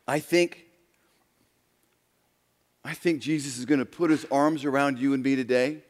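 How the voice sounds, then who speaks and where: A pastor preaching a sermon, swinging from quiet, low talk to loud, raised passages. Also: male voice, normal speed, pauses often. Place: church sanctuary. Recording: long reverb of a large hall.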